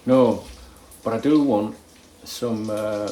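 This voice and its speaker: Cooking in his kitchen at home, an older football fan channel host casually goes through viewer comments with blunt jokes and lots of swearing. His slightly high voice moves at normal speed, captured in an echoey room with slight background noise and rough quality.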